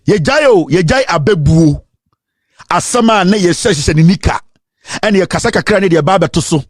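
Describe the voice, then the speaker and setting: A man's voice: sits high, husky, no echo, studio quality. A man with a Ghanaian accent, delivering an impassioned political rant full of repeated rhetorical questions and mixing English with Twi. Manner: switches between English and Twi, repeats rhetorical questions, at times sing-song. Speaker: political commentator.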